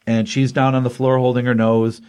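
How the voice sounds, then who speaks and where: A man's voice: medium pitch, fairly quick, clear, resonant tone. A man co-hosting a comic book podcast, retelling a story in casual chat and acting out the quotes. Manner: animated retelling with acted quotes.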